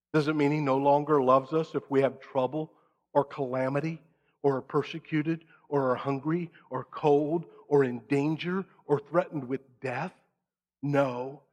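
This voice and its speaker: Pastor preaching in a reverberant hall. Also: male voice, fairly high pitch. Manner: dramatic, acts out prayers and quotes in raised voices, drops to soft hush. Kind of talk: sermon.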